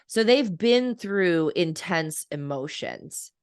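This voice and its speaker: A woman's voice: on the low side, expressive, slow pace, clean tone, no echo, studio quality. A woman in her thirties, a coach and author, talking reflectively in a podcast interview and laughing often.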